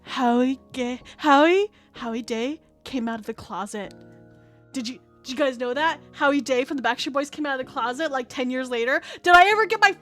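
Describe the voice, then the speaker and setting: Late-thirties woman streamer, very high pitch, profane rambling storyteller, faint background music. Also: a little fast, a bit bright. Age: 30s. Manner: rambling, profane, laughs a lot. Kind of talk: casual storytelling chat.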